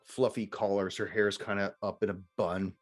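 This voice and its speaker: Low-voiced man running a tabletop game. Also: level tone, normal speed, faint music behind. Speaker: game master.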